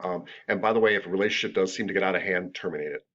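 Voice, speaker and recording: A man's voice: low-pitched, rapid-fire, fairly bright tone. A man teaching a massage therapy class in a casual, joking, conversational lecture. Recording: dull lo-fi lecture recording.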